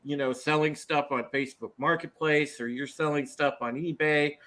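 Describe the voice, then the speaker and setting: A man's voice: a little high, steady tone, normal speed, a bit bright. A man co-hosting a political podcast, talking casually with many fillers. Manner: rambling, many fillers and restarts. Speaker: co-host.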